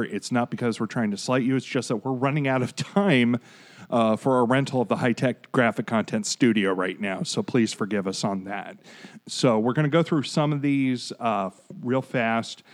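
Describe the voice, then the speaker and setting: A man in his forties hosting a podcast, chatting casually and digressing as he reads out award winners. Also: medium pitch. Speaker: podcast host.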